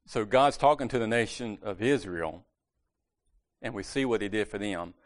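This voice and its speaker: A man's voice: fairly low pitch, expressive, normal speed. A man giving a casual, conversational sermon at a church meeting, correcting himself and joking lightly as he goes.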